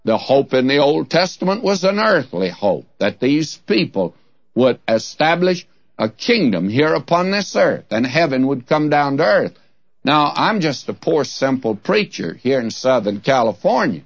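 Man preaching, folksy and joking, sing-song pitch, muffled dry old recording. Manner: folksy, humorous storytelling. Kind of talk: radio Bible teaching sermon.

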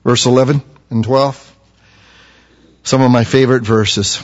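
A man's voice: medium pitch, fairly even intonation, unhurried. Man preaching a fervent sermon, muffled sound. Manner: reads scripture aloud, rising to fervent emphasis. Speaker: pastor. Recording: dull lo-fi recording.

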